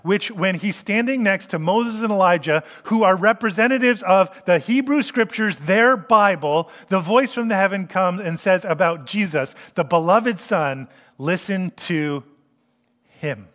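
A man preaching a sermon in an animated way, acting out the voices he quotes. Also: sits high, normal speed, few pauses, in a large hall.

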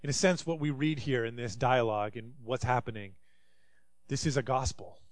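A pastor with a medium-pitched voice preaches at a moderate pace, reading scripture aloud and dramatically voicing the people quoted in it. There's no echo on the recording.

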